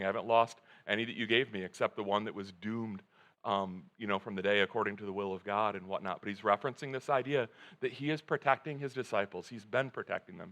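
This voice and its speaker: A man preaching a sermon as pastor, retelling the story in a casual, animated way with frequent restarts. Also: lowish voice. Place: church sanctuary.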